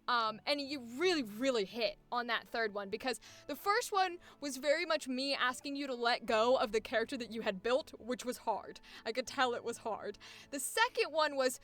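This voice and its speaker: A woman's voice: a little high, expressive, normal speed, a bit bright. A young woman coaching a voice actor, explaining animatedly and acting out examples. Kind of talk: coaching session.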